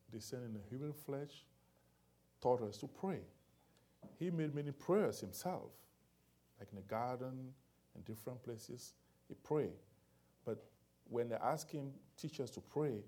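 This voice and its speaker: A man's voice: mid-range voice, dark tone. A man preaching in a church, opening with a fervent prayer and then building to emphatic preaching.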